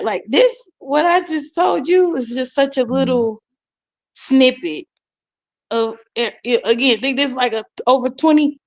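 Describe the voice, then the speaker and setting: A woman in her forties telling a rambling story with frequent giggles, in a casual chat. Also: high voice.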